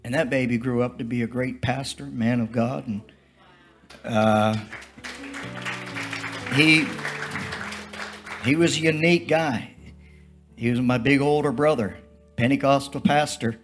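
A man's voice: medium pitch, steady tone, measured pace, long pauses, soft background music, some chatter behind. An older man preaching a testimony-style sermon, telling stories in a folksy, rambling, repetitive way. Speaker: traveling preacher.

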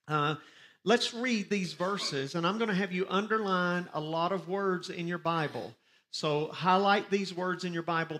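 A man's voice: on the high side, fairly bright tone. A man teaching a Bible study sermon, reading scripture with rising emphasis and telling listeners to underline words. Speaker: pastor.

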